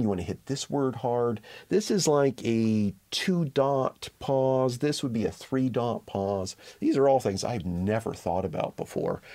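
A man, a print reporter and podcast guest, telling a story in relaxed conversational talk. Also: lowish voice. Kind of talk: casual interview talk.

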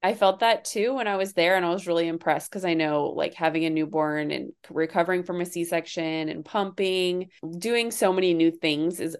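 A woman co-hosting a podcast in casual chat, talking in a relaxed and encouraging way. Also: on the low side, normal speed, hardly any pauses, clear, resonant tone. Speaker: podcast co-host.

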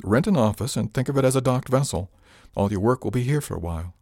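A man voicing a practical, supportive male ship officer who reasons briskly, in an audiobook. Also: medium pitch, animated, darkish tone, no echo, studio quality, voice pushed up. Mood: persuasive.

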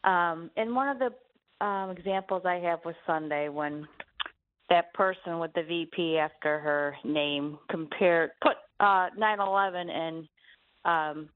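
A woman calling in to a radio show, talking haltingly and emphatically with many pauses. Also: lowish voice. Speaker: radio caller. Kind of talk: call-in praise to host. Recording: phone line.

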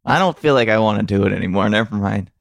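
A man's voice: on the low side, fast, gravelly, dry recording. A man co-hosting, teasing his friends in casual comedic banter. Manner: teasing and playful.

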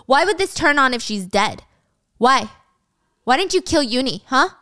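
A woman voicing a volatile, menacing teenage boy while recapping a drama, in a clear, dry voice. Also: sits high, big pitch swings, normal speed, fairly bright tone, no echo. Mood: accusing. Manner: accusing and menacing.

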